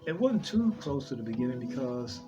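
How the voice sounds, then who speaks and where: A man's voice: medium pitch, very animated, brisk. A man, talking loosely about his dream visions, repeating himself often and restarting his sentences. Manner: rambling, repeats himself, many restarts and fillers. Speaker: preacher sharing dream visions. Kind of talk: unscripted religious talk. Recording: dull lo-fi audio with loud music underneath.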